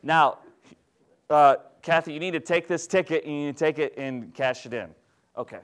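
High-voiced man preaching a casual sermon. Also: normal speed, clean tone. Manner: conversational, animated teaching with questions to the congregation. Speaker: pastor.

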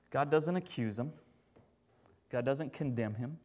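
A man preaching a sermon, moving between loud, animated retellings and hushed, gentle passages. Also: medium pitch, a little slow.

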